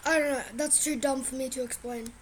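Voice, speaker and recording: A high-pitched woman reacting to a clip in a blunt, excitable rush, cursing freely. Faint background noise sits under her voice. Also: fairly quick. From Australia. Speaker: reaction vlogger. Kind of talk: casual reaction commentary.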